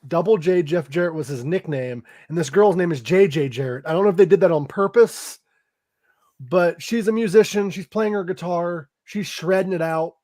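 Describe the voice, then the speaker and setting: Higher-voiced man casually recapping a movie. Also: moderate pace, mellow. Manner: loose, profane retelling with frequent fillers and laughs. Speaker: podcast host.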